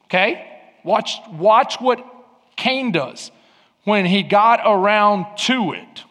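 A man's voice: high-pitched, animated, slow, bright, forceful tone. A man preaching a sermon as pastor, fervent and emphatic. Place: church sanctuary. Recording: long hall reverb.

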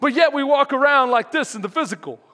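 A man's voice: very high-pitched, expressive, fast talker, pushed and bright. A man preaching a sermon as pastor, emphatic and calling out to his congregation. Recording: long hall reverb.

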